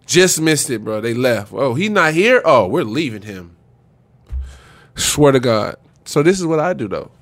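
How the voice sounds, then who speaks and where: A man's voice: mid-range voice, sing-song, unhurried, no room sound. A man in his thirties, a former pro basketball player, telling a long casual story as a podcast guest. He talks in slang and keeps saying "bro" and "swear to God.".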